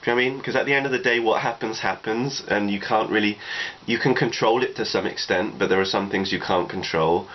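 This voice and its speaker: A man's voice: fairly low pitch, fast talker. A man, talking through personal advice in a reflective, rambling way, leaning on "you know" a lot. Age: 20s. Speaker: vlogger. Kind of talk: casual advice monologue. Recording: dull lo-fi recording with faint noise.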